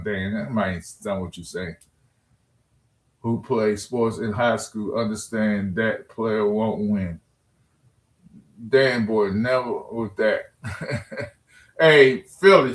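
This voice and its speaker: A man's voice: mid-range voice, fairly bright tone. Joking man live-streaming in an echoey room. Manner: loose, joking, trash-talking with chat. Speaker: live streamer reading chat. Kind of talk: casual live-stream chat. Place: home room at his computer.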